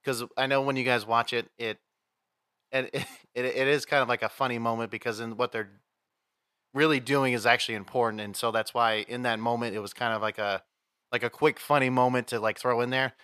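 A man's voice: mid-range voice, fairly even intonation, brisk, pushed and bright, clean tone, no room sound, studio quality. A man co-hosting a podcast, telling a story in a rambling casual way and acting out the quotes. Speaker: podcast co-host. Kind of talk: casual chat.

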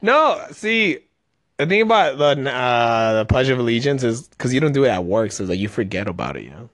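A man's voice: medium pitch, big pitch swings, fairly quick, a bit bright, no echo. Podcast host guy, jokey and rambling, laughs a lot, dry close mic. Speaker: podcast host and stand-up comedian. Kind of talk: casual chat reacting to a video.

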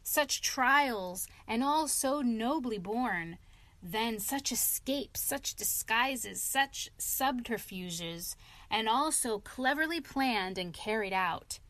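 A woman voicing a boastful, excitable male toad in a storybook reading, with dramatic exclamations. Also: a little high, slow pace, no echo.

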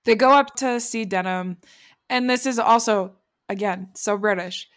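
A woman's voice: medium pitch, measured pace, a bit bright. A woman co-hosting a podcast, chattily recapping episodes in casual conversation with laughter. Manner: chatty plot recap, drifting into quoted voices and laughter. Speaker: podcast co-host. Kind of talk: casual chat.

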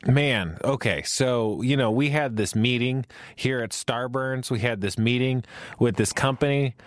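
A man's voice: medium pitch, a little slow, dry recording, studio quality. A man hosting a casual podcast chat, joking and rambling as he tells stories. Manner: joking, rambling, animated storytelling.

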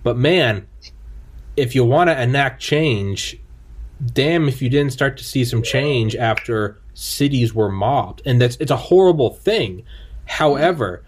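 A man's voice: mid-range voice, lively intonation, a little slow, slightly rough. A man hosting a podcast in casual chat, telling stories and acting out what other people said. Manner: storytelling, acting out quotes in shifting voices. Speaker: podcast host.

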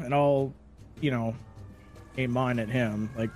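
A man playing a tabletop role-playing game, describing his character's moves in a relaxed, hedging way. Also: mid-range voice, a little slow, pauses often. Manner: laid-back, hedging with "you know". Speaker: player. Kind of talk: casual tabletop play.

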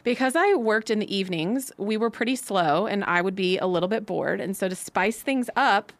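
A woman's voice: medium pitch, expressive, normal speed, no room sound. A woman hosting a podcast in casual chat, rambling through stories with many fillers. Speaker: podcast host.

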